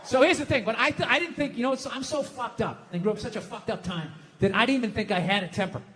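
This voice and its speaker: Male stand-up from the US, high-pitched, exasperated profane ranter. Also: fast talker, fairly bright tone, slight background noise. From United States. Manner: profane, exasperated, self-mocking ranting. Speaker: stand-up comedian. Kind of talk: stand-up comedy routine.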